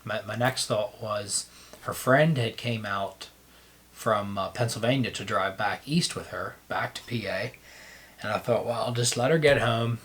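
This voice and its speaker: A man casually telling how he met his wife, halting and restarting as he talks. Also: on the low side, fairly bright tone, slight background noise. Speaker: vlogger telling their love story.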